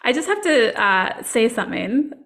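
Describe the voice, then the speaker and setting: A woman's voice: fairly high pitch, sing-song, normal speed, creaky, fairly bright tone. A woman hosting a podcast, earnest and encouraging, asking questions with many "like" fillers. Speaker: podcast host, coach. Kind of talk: casual podcast conversation.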